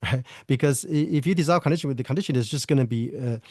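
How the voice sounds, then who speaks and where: A man speaks in a dry, close recording with a middle-pitched voice, musing through ideas on inner work. He thinks aloud, restarting sentences, asking himself rhetorical questions and slipping in small laughs as he goes. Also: rapid-fire, a little mellow, no echo. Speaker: guest teacher on nonduality. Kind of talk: reflective spiritual conversation.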